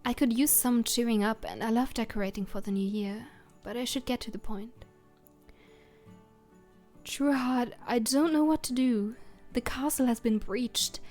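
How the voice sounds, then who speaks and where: A troubled, gentle older woman who rules a castle of elves, sounding worried, as a woman voices her from a text game. The voice is light and fairly high, read plainly. Faint music plays quietly underneath. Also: normal speed, natural voice. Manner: read plainly, close to the reader's own voice.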